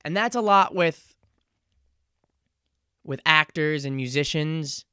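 A man in his twenties hosting a solo podcast, talking in an earnest, reflective and halting way. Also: fairly high pitch, sharp tone, clear, resonant tone, no echo, clean studio sound. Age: 20s. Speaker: podcast host. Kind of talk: casual solo podcast monologue.

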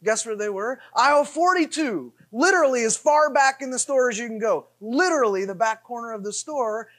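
A middle-aged man preaching, telling a self-deprecating story in an animated way with repeated refrains. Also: extremely high pitch, brisk. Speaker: pastor. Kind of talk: sermon storytelling.

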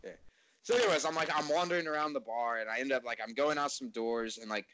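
A man's voice: mid-range voice, fast talker, fairly bright tone, low-quality recording. A man in casual storytelling chat, rambling and laid-back, swearing and laughing at himself.

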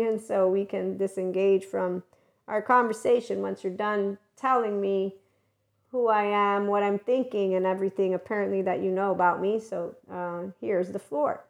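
A woman's voice: mid-range voice, steady tone, normal speed, gravelly. A woman hosting a casual monologue about relationships, talking frankly and chattily, acting out quoted lines and mixing self-help terms with the odd swear word. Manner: acts out quoted speech. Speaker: podcast host.

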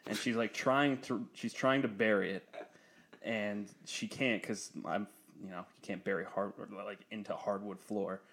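A man's voice: fairly low pitch, measured pace. Profane, storytelling young man. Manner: profane storytelling, laughs often, animated when quoting others. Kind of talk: casual chat.

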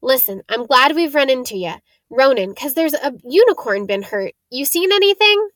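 A woman voicing a gruff giant male gamekeeper with a rural English dialect, talking loud and blunt. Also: high voice, lively intonation, normal speed, dry recording, studio quality, voice pushed up. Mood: impatient.

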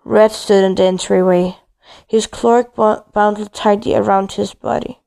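A woman's voice: mid-range voice, fairly even intonation, measured pace, gravelly, warm tone. A woman reading a first-person story aloud, stumbling and restarting now and then. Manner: reads with frequent slips and restarts.

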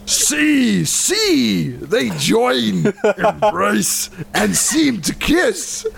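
A man putting on a hammy Scottish ogre-style voice to read old verse for laughs, drawn out and booming. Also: sing-song. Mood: bombastic. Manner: drawn-out, booming theatrical delivery. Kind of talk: comedic dramatic reading.

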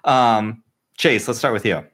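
A man's voice: medium pitch, a little slow, fairly bright tone, slightly rough. A man hosting a casual podcast discussion, gushing and filling his talk with "like.". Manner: gushing, with many "like" fillers. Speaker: podcast host.

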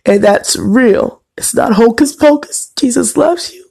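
A woman's voice: on the high side, unhurried, gravelly, few pauses, darkish tone, breathy edge. A woman radio host giving a fervent on-air devotional message, tearful and on the verge of crying, repeating her phrases as she preaches.

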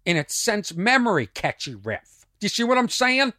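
A middle-aged man with a strained voice, a comedian telling a rambling story on his podcast, dropping to mutters and rising loud again. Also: high voice, normal speed, no room sound, clean studio sound. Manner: animated, swings from muttering to loud. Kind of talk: casual storytelling monologue.

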